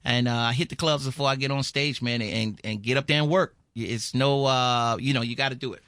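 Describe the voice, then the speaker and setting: A comedian man telling animated stories in a radio interview, acting out voices and laughing often. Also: mid-range voice, a little fast, clear, resonant tone, no echo, studio quality. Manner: lively storyteller, acts out voices, laughs a lot. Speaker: comedian guest.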